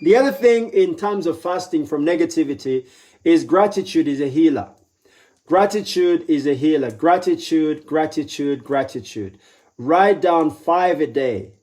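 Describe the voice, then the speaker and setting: Male motivational speaker, somewhat high voice, emphatic, repeats key lines. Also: animated, measured pace, darkish tone. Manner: acts out quoted voices with pitch jumps. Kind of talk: live motivational talk.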